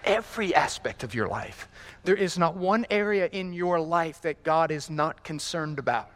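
Male pastor, slightly raised pitch, story-driven sermon delivery with rhetorical questions. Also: lively intonation, normal speed.

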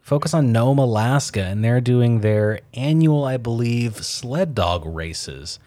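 A man's voice: medium pitch, animated, takes it slowly, dark tone, no room sound. A man co-hosting a casual podcast, rambling through a recap and laughing at his own slips. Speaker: podcast co-host. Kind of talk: casual chat.

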